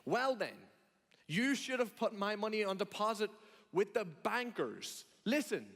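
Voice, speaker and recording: A man's voice: high voice, big pitch swings, unhurried, a bit bright, voice pushed up, heavily acted. A man acting out a stern male master who scolds a servant in a burst of exasperated questions. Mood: exasperated scolding. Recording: long hall reverb.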